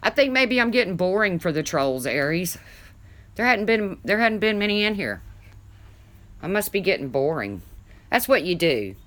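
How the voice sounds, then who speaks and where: A woman hosting a casual livestream, reading viewer comments aloud and chatting, with a deep voice people mistake for a man's. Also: very animated, moderate pace, long pauses, a bit bright. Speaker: livestream host.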